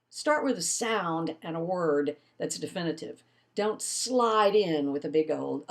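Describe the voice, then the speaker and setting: An older woman giving a recorded college lecture, teaching in an expressive way with lively emphasis. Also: lowish voice, unhurried. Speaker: college instructor.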